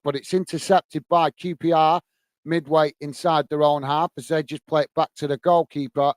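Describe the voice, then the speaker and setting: A man's voice: fairly high pitch, dry recording. A man from England hosting a live football watchalong, casually commentating the play and chatting to viewers. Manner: casual, chatty, calls viewers mate and guys. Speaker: watchalong host.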